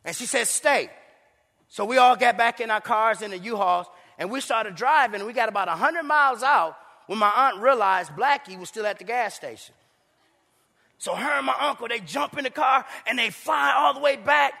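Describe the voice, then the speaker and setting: A pastor preaches, slipping into playful asides and impressions. His voice sits very high with a bright, sharp edge and some gravel. The sound rings out with a long hall echo. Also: normal speed. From Saint Paul, Minnesota. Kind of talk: sermon.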